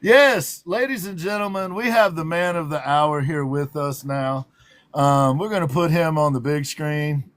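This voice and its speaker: A man's voice: fairly high pitch, measured pace, a bit bright. A man with a Southern drawl hosting a livestream talk show, playful and teasing and laughing often. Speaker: host.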